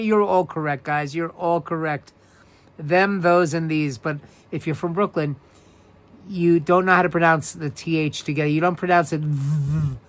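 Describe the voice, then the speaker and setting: Slow-talking New man hosting a live quiz. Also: on the high side, fairly bright tone. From New York. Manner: upbeat, repeats questions and greets viewers by name. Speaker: live-stream host. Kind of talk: live-stream trivia quiz, reading viewer answers.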